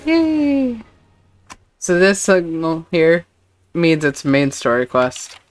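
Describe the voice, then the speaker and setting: A woman's voice: on the low side, big pitch swings, takes it slowly, faint music behind. A woman VTuber chatting casually while playing a game, laughing often and commenting as she goes. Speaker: VTuber streamer. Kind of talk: casual gameplay stream chat.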